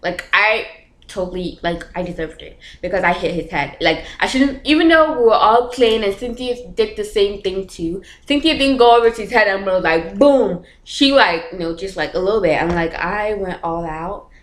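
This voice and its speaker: A woman's voice: medium pitch, moderate pace. A young woman vlogger telling a story in a casual, chatty way, full of filler words and nervous laughs. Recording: echoey room.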